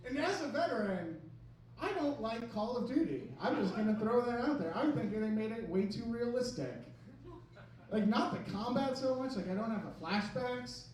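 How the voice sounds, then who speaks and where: High-voiced man doing stand-up. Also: expressive, moderate pace, a little mellow. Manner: self-deprecating, rambling with many "like"s. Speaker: stand-up comedian. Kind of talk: stand-up set. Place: comedy club stage. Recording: echoey club, mic from a distance, crowd. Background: audience laughter.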